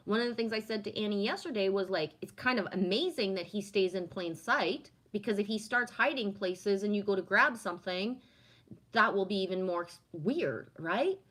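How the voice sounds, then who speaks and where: A medium-pitched, expressive woman talks at a normal speed as she hosts a livestream. She reads viewer comments aloud, chats casually, and muses on spiritual subjects in a warm, affirming manner, adding "right?" again and again.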